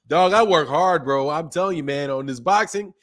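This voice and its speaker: A man's voice: a little high, animated, a little slow, fairly bright tone. A man hosting a casual boxing livestream, reading viewer comments in a slangy, laid-back way, with a sore throat. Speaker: boxing channel host. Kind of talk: casual livestream chat reading super chats.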